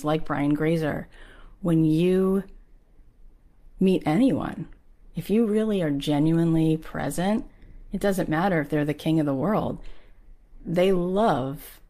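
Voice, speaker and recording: A woman's voice: deep voice, a little mellow. A woman telling a story in an enthusiastic, casual way, full of "like" and other fillers. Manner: enthusiastic, filler-heavy, with lots of "like". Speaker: speaker retelling a story.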